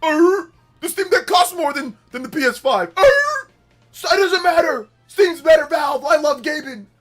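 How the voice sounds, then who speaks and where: A livestream host doing a mocking impression of a loud, insulting male gaming fanboy. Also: extremely high pitch, moderate pace, soft background music, pitched above the performer's own voice. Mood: mocking, shrill. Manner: loud mocking shouts with laughs.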